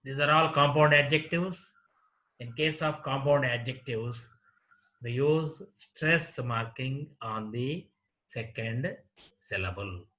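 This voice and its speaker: Slow, bright-voiced Indian English teacher. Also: male voice, medium pitch. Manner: slow, deliberate, repeats word lists. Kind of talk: classroom lecture.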